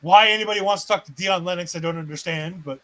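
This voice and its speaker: A man's voice: sits high, fast talker, bright, forceful tone, poor audio. A man co-hosting a casual wrestling recap, retelling scenes with sarcastic asides and acted-out quotes. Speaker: co-host.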